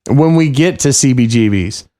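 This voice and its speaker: A man's voice: mid-range voice, expressive, moderate pace, warm tone. A man in his thirties hosting a podcast, telling stories in a loose, profane way with frequent laughter. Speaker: podcast host. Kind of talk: casual chat, storytelling.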